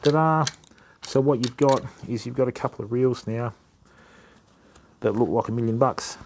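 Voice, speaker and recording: Aussie bloke from WA doing a live fishing reel demo, chatty, calls everyone mate, warm dark-ish voice. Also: male voice, mid-range voice, steady tone, normal speed, slight background noise. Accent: Australian. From Western Australia. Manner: casual, matey, chats to viewers while working. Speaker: fishing channel host.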